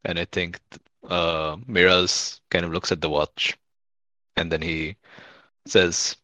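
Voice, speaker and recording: A man role-playing his character in a tabletop game, speaking in a quiet, earnest way. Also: low voice, level tone, slow, no room sound. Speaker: player.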